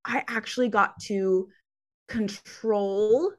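A woman coach talking casually in an interview, animated and laughing often. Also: mid-range voice, takes it slowly. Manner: animated, laughs often, acts out her own past voice.

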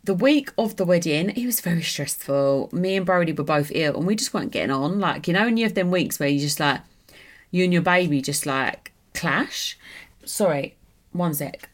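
Casual podcast host, young woman, rambling and gossipy, slightly low voice. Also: lively intonation, moderate pace. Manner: chatty, gossipy, rambling with many fillers. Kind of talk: casual solo chat.

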